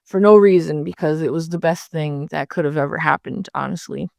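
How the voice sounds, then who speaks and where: A woman's voice: deep voice, fairly quick, creaky, no echo, studio quality. A young adult woman, a model and podcast guest, talking casually and animatedly about her life and work. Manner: chatty, animated when recounting, laughs often. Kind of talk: casual interview chat.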